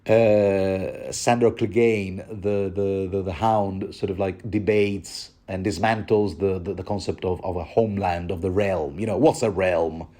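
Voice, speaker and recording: A man's voice: low voice, steady tone, unhurried, hardly any pauses, warm tone. A man giving a rambling, joking commentary on a book chapter, often stumbling and restarting.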